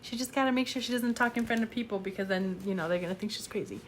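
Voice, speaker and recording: A woman's voice: fairly high pitch, very fast, slight background noise. A young adult woman talks casually about a book she is reading, gushing about it and filling her talk with "like" and "you know.". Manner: chatty and gushing, many fillers. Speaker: book reviewer. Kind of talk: casual chat.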